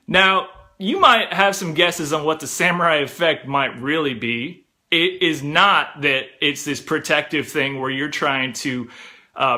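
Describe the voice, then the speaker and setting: A young man telling a comic personal story in a chatty, animated way, full of "like" and "bro". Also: fairly high pitch.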